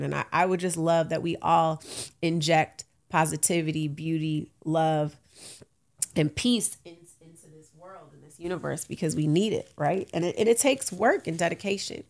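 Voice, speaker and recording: Hosting her own casual podcast, this late-30s woman has a gravelly voice that sits low. Her talk, in African American Vernacular English, is frank and uplifting, with frequent laughter.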